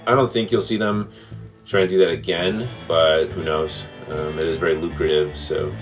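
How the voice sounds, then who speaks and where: Male lawyer interviewee, very low voice, halting delivery over faint music. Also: fairly even intonation. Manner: halting, repeats words while thinking. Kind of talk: interview answers.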